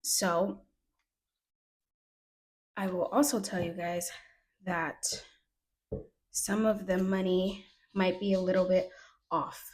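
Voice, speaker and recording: A woman's voice: lowish voice, little pitch movement, slow, long pauses, darkish tone, low-quality recording. A woman vlogger chatting casually to camera about her week while counting out cash, with dry sarcastic asides. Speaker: budgeting vlogger.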